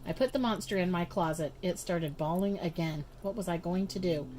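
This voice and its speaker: A woman reading a children's storybook aloud in an expressive, measured way. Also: on the low side, a little hiss or hum. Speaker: storybook reader. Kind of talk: children's book read-aloud.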